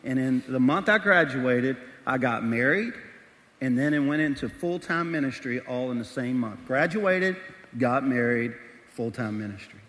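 A middle-aged man preaching a sermon as a pastor, telling a personal story candidly and acting out the voices in quick bursts. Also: mid-range voice, lively intonation, fairly bright tone. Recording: large hall reverb.

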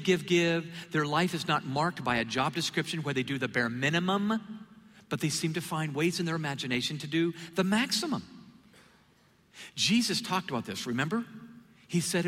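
A male preacher telling a story from the pulpit, slipping into quoted voices as he goes. His voice is bright and a little husky, and it rings out with a long reverb in a large church hall. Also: fairly high pitch. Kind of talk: sermon.

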